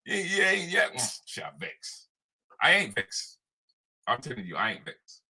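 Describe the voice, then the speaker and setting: Man, live show host, lively swinging pitch, bright. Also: unhurried, husky. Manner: animated, playful, repetitive banter. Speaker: comedian hosting a live morning show. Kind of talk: live morning chat show, reading viewer comments.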